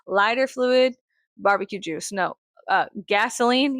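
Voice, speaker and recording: A young woman from Texas, with a mild Texas accent, rambles through a casual vlog monologue. She swears freely and breaks into other people's voices with sudden pitch jumps. Her voice has a gravelly fry, and the recording is dry and close. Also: normal speed, no echo. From Texas, USA. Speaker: vlogger.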